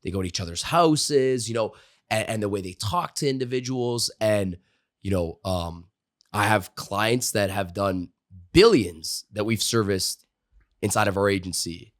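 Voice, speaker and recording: Animated sales-trainer man, dry close sound. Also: on the low side, measured pace, dry recording. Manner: animated storyteller, frequent "like" and "you know" fillers. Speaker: sales trainer and author, podcast guest. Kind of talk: conversational storytelling interview.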